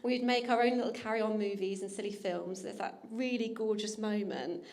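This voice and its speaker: A woman's voice: medium pitch, fairly even intonation, moderate pace. A young woman, the bride's older sister, giving a teasing, affectionate wedding speech and laughing often. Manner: warm teasing, laughing often, getting emotional. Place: wedding reception hall.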